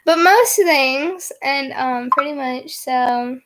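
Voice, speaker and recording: A young woman with a notably high voice chats on camera in a loose, rambling storytime style. She giggles often and strings her story together with filler words, keeping it casual and unpolished. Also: slow pace, fairly bright tone. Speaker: vlogger.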